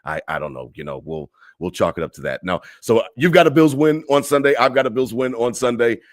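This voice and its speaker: A man's voice: mid-range voice, animated, brisk, dry recording. A man co-hosting a sports podcast, giving blunt, opinionated takes in casual chat and repeating himself when fired up. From Buffalo area fan living in Charlotte. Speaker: podcast co-host.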